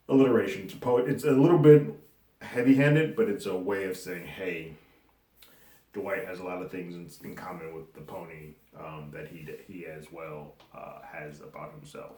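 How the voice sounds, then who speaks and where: A man's voice: low-pitched, mellow. A man giving a loose, conversational recap of a TV episode, chuckling now and then as he talks it through. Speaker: movie and TV reviewer. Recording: roomy echo.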